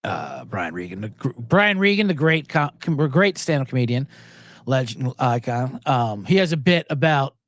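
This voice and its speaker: A man's voice: mid-range voice, normal speed, dry recording. A man hosting a sports betting podcast in a casual, rambling chat that swears now and then. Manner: animated, rambling and profane, with many restarts.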